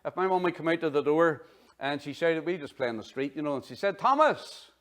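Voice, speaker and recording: A middle-aged man preaching a sermon in an animated, conversational way, full of asides. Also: on the high side, fast talker. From Northern Ireland. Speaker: pastor.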